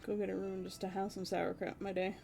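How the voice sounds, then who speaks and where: A woman streamer in her thirties chats easily with her viewers, her voice sitting at a middle pitch. She is animated, stretches out her exclamations and laughs often. Faint music plays quietly behind her. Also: a little fast, gravelly. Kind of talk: casual chat with stream viewers.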